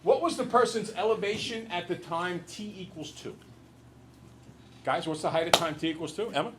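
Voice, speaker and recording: Bright-voiced joking male teacher. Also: high-pitched, normal speed, slight background noise. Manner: animated, joking storyteller. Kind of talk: classroom lecture. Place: classroom.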